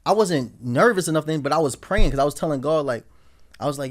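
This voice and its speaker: A man's voice: on the high side, lively intonation, fast. A man in his twenties, a podcast guest, telling a story in a loose, slangy way and often checking in with the listener. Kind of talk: casual storytelling in conversation.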